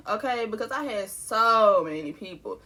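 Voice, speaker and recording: A young woman talks straight to her viewers in a relaxed storytime vlog. Her voice sits at a middle pitch, and her delivery is loose and candid, with laughs breaking through even as she speaks about serious things. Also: moderate pace. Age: young adult. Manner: casual and candid, laughing through grief, addressing viewers as y'all. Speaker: vlogger.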